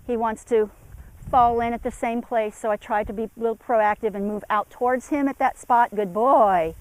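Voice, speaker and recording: A woman's voice: on the high side, moderate pace, darkish tone, low-quality recording. Woman trainer calling commands to a horse. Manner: calls out commands to a horse between explanations. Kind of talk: outdoor instructional demonstration. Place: outdoor arena.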